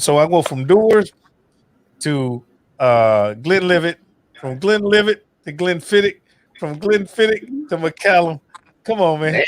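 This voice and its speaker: A man's voice: fairly high pitch, unhurried, slight background noise. A man hosting a casual livestream chat, telling rowdy stories about drinking and swearing freely. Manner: loose, swearing, storytelling with drinks. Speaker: host of a cooking channel livestream.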